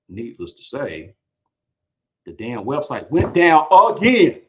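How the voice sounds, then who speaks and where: Animated storytelling man, high-ish voice. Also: moderate pace, poor audio. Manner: energetic storyteller, repeats words, voice climbs when excited. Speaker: podcast host. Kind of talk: animated storytelling on a live podcast.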